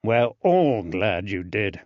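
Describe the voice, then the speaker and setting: A male narrator voicing a composed, reassuring male investigator who speaks calmly and measuredly in an audiobook. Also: lowish voice, slow, no echo, lo-fi sound.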